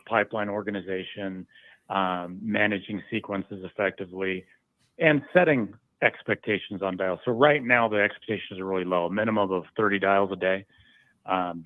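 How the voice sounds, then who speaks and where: A man's voice: lowish voice, no room sound. A man who manages a sales team, speaking in a friendly, matter-of-fact way on a phone call. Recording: tinny dry phone line.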